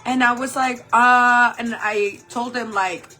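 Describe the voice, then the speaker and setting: A woman's voice: a little high, steady tone, measured pace, a bit bright, soft background music, rough recording. A woman in her forties telling a story casually while doing her makeup on a livestream, swearing a lot and laughing often. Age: 40s. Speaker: makeup vlogger.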